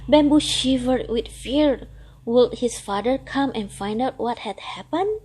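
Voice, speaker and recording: A woman reading a storybook aloud as the storyteller, in a slow and measured way. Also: on the high side, darkish tone, slightly rough, poor audio.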